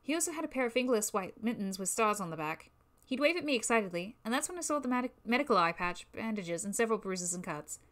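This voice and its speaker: A woman's voice: medium pitch, expressive, fast, fairly bright tone. A woman reading a fan-made game story aloud on a livestream, casual in manner. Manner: casual, with swearing asides. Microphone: new microphone.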